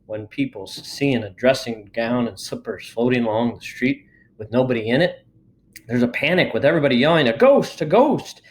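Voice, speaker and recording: A man's voice: medium pitch, brisk, slight background noise. Man reading a children's story aloud. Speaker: reader.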